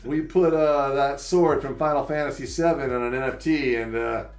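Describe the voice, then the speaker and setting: A man's voice: medium pitch, steady tone, moderate pace, roomy sound. A man co-hosting a casual podcast, making sarcastic remarks and swearing freely. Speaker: podcast co-host.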